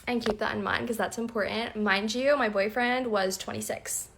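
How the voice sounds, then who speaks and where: A woman's voice: mid-range voice, fairly even intonation, normal speed, creaky, a bit bright. A young woman and nursing student telling a storytime in a chatty, amused, conversational way. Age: young adult. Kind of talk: casual storytime.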